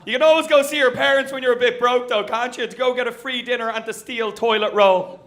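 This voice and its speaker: A young Irish man performing stand-up in front of a live crowd, his voice sitting very high for a man. He lands each bit with a quick tag line and plenty of self-mockery. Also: steady tone, fairly bright tone. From Ireland. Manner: punchy, self-mocking, with tag lines. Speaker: stand-up comedian. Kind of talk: stand-up set. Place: comedy venue with live audience.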